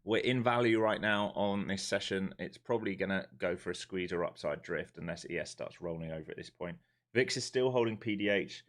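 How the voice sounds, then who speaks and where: A laid-back London day trader chats casually on a live stream, offering blunt market commentary in his London accent. His voice is low-pitched and a bit bright, and he talks briskly.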